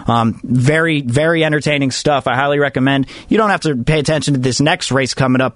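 On his sports talk show, a man rambles chattily through listener comments, often restarting his sentences. His voice is medium-pitched, and the recording has no room sound.

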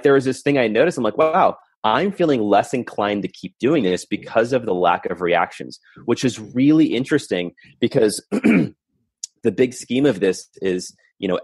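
An earnest man with a low, husky voice talks through a personal story as a podcast guest. He reflects as he goes, piling one thought onto the next. The sound is dry and close. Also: no echo. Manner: earnest, reflective, talks in long run-on stretches. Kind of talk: candid storytelling conversation.

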